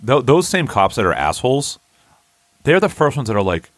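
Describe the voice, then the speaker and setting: A man in casual podcast chat, talking in a relaxed way with lots of fillers and frequent chuckles. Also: mid-range voice, normal speed, dry recording.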